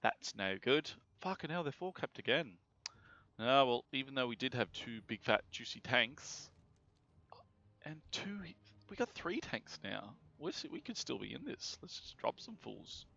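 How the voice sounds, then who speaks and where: Australian male streamer, casual play-by-play with plenty of swearing, sharp-toned, muffled stream sound. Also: medium pitch, big pitch swings, measured pace, vocal fry. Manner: chatty, swears freely, reacts aloud to the game. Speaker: game streamer. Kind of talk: casual live gameplay commentary. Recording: dull lo-fi stream audio with game music.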